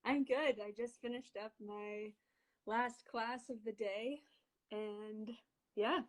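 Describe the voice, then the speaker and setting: A woman's voice: on the high side, steady tone, slow, rough recording. A young woman who is a guest on a video call, chatting in a friendly, hesitant way with many ums. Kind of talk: casual video-call chat.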